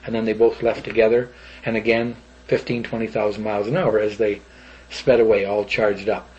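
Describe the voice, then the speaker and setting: A man's voice: on the low side, level tone, brisk, a little mellow, slightly rough, muffled recording. An older man, rambling animatedly through an old story as an interviewee.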